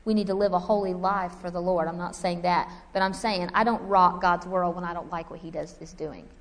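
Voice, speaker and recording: A woman's voice: on the low side, fairly quick. Woman preaching in a reverberant hall. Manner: animated, conversational preaching with asides to the audience. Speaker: Bible teacher. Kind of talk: sermon.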